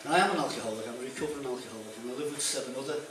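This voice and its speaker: Recorded from afar in an echoey room with noisy background, a stand-up comedian from Liverpool performs on stage for an audience in a hall. He speaks at a racing pace in a medium pitch, telling jokes in a chatty way and acting out characters.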